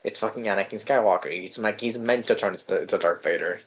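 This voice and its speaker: A man's voice: on the low side, quick pace, highs cut off. A man co-hosting a podcast, chatting casually about a film in a rambling way, full of stammered restarts and casual swearing. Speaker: podcast co-host. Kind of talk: casual film review chat.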